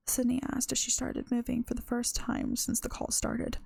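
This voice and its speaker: A woman's voice: a little high, completely flat delivery, normal speed, creaky, few pauses, a little mellow, husky, dry recording. A tired woman streamer reading her own story aloud, correcting herself as she goes. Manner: unpolished reading with self-corrections. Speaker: streamer and writer.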